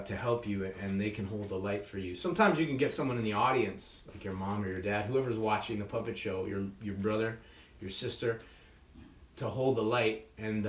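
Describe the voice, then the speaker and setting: A man teaching a children's puppetry workshop in a friendly, chatty, playful way, often checking in with "right?". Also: on the low side. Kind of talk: children's craft tutorial. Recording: echoey room, distant mic.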